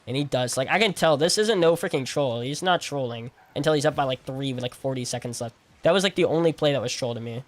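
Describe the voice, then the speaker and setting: A man's voice: mid-range voice, quick pace, hardly any pauses. A young man streaming a game, talking to chat in a casual, argumentative way, full of slang and repetition. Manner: incredulous, argumentative, repeats himself; heavy use of "like" and slang.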